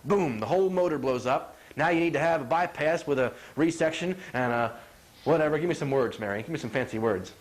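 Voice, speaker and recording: A middle-aged man with a high voice gives a folksy health talk as a chiropractor. He is animated and acts out what people say, checking often that his listeners follow him. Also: a little fast. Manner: animated, acts out quotes, asks "you follow?".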